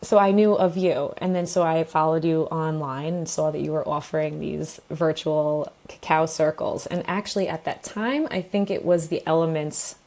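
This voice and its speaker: Candid, low-voiced woman guest. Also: fairly even intonation, moderate pace, hardly any pauses, a little mellow. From New York, USA. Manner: open and emotional, laughs often as she talks. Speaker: guest, pelvic floor therapist. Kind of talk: candid interview storytelling.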